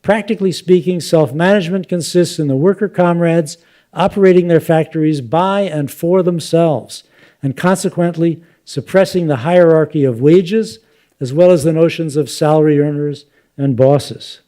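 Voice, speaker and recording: An older man giving a relaxed academic lecture, thoughtful and unhurried, with fillers and asides. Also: on the high side. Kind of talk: public lecture with slides.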